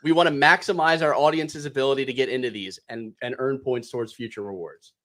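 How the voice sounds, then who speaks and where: A man's voice: medium pitch, steady tone, quick pace, fairly bright tone. A man on a casual podcast, answering in a matter-of-fact way about the schedule and numbers.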